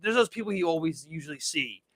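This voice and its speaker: A man with a Baltimore accent co-hosting a podcast, talking in an excitable, profane way. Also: a little high, dry recording. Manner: excitable, profane, quick back-and-forth. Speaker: podcast co-host. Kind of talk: casual chat.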